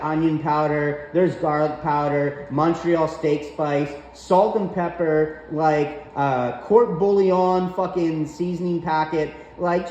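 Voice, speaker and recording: Brief: slightly high-voiced man, profane and exasperated storyteller, echoey room with faint hum. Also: darkish tone. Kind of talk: casual storytelling rant.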